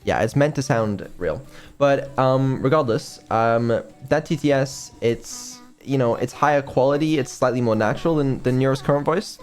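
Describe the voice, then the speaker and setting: A man chatting casually on a stream as a developer, hesitant and filling pauses with ums, swearing now and then. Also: medium pitch, a little mellow, soft background music.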